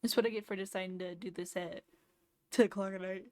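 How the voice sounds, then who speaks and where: A woman's voice: mid-range voice, fairly even intonation, fast talker, a little mellow, dry recording. Sleepy woman streamer thinking aloud. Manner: chatty, thinks aloud while playing, explains game tips. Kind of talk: casual gameplay commentary.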